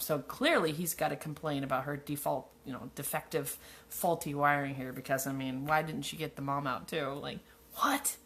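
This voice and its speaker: A woman's voice: sits low, steady tone, moderate pace, fairly bright tone. A woman reading her own childhood story aloud, breaking off for wry, sarcastic asides. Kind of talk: live reading with mocking commentary.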